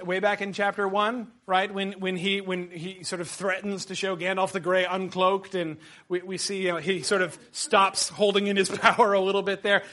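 A middle-aged man teaching a class, leading discussion and quoting passages with excitement. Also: sits high.

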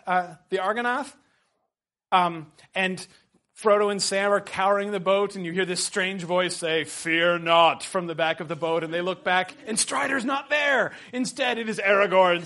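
A middle-aged man teaching a class, leading discussion and quoting passages with excitement. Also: high voice.

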